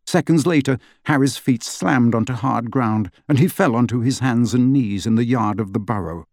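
A man reading an audiobook with steady storytelling narration. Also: mid-range voice, moderate pace, dry recording, clean studio sound. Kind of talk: scripted narration.

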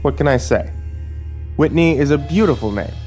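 A man's voice: on the high side, expressive, moderate pace, a little mellow, faint music behind, pitched above the performer's own voice, lightly acted. A man voicing a cruel middle-aged male sheriff in a horror story, speaking with a mocking, contemptuous drawl.

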